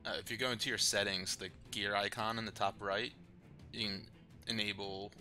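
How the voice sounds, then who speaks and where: Bright-voiced man running a tabletop game. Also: lowish voice, flat delivery, normal speed, soft background music. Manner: laughing, loose narration with casual swearing. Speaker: dungeon master. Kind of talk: narrating a live online tabletop game.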